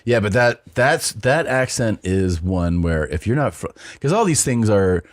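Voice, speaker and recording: A man's voice: lowish voice, animated, measured pace, dry recording, clean studio sound. A man co-hosting a casual comedy podcast, telling rambling stories in a laid-back way and swearing freely. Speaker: podcast co-host.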